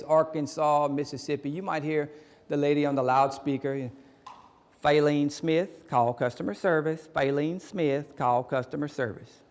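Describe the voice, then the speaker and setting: A man's voice: a little high, big-room sound. A man with a Cajun accent doing folksy stand-up comedy as a keynote speaker, chatty and laughing at his own jokes. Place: large conference hall.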